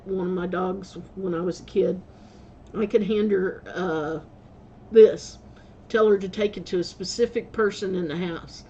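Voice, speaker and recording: Mellow-voiced woman telling stories casually. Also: medium pitch, dull audio, slight background noise. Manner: rambling, laughs often, self-corrects. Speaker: vlogger. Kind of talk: casual storytelling.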